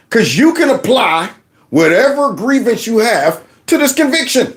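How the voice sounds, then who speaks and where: A man hosting a political commentary show, animated and mocking, slipping into impressions. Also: unhurried. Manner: animated, mocking impressions, lively pitch swings.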